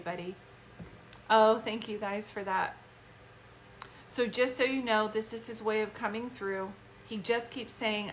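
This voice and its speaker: A woman's voice: medium pitch, fairly bright tone, slight background noise. A woman, a psychic medium chatting heartfelt and casual on a phone live stream. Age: 50s. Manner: chatty, heartfelt, many fillers.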